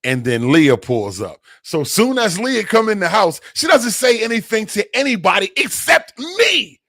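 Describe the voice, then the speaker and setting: Slangy, animated man telling a story. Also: normal speed, no echo, studio quality. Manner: slangy, animated, rises high when excited. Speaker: livestream host. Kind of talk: casual storytelling on a livestream.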